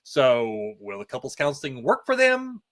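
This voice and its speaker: A man speaking as a podcast guest, thoughtful and measured, weighing his points with casual fillers. His voice sits at a mid pitch with a bright, forward tone. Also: wildly swooping pitch. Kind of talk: casual chat.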